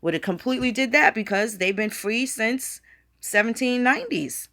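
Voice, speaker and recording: A woman's voice: on the high side, moderate pace, a bit bright. A woman hosting a casual livestream. She rambles and swears freely, talking straight to her viewers as she works at her computer. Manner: rambling, profane, conversational, addresses viewers directly. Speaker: channel host.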